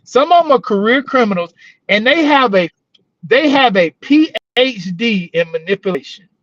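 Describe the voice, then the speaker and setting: High-voiced man telling rough stories. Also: lively intonation, normal speed, fairly bright tone, dry recording, muffled recording. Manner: rambling, profane, storytelling. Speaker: podcast co-host, former corrections officer. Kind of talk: casual chat.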